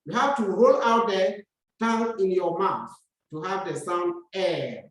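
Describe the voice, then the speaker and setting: Woman teacher, slow and patient, far from the mic, very echoey room. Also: medium pitch, a little hiss or hum. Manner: slow and patient, repeats words for practice. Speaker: French teacher. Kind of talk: classroom lesson.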